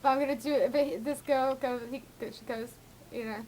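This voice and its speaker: A woman's voice: high voice, fairly even intonation, normal speed, darkish tone, slight background noise, rough recording. A woman vlogging in a rambling, profane, giggly way, jittery from too much coffee. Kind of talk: casual rambling chat.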